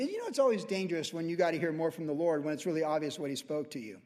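A pastor with a high voice teaches scripture verse by verse, talking to the room like a friend and dropping into quoted voices. His words ring out with the long reverb of a large church hall. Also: expressive, very fast, hardly any pauses, darkish tone. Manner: conversational, acts out quoted voices.

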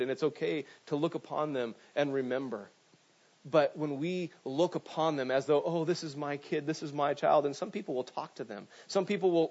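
Pastor, male, middle-aged, animated sermon delivery, slightly high voice, dull lo-fi recording. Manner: animated storytelling with frequent "right?" asides. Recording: dull lo-fi sound.

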